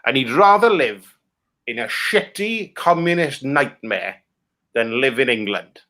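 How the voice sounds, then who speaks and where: A Welsh man in improvised comedy chat, swearing and ranting crudely as he tears into film pitches. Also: sing-song, unhurried, sharp tone. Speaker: comic guest critiquing film pitches.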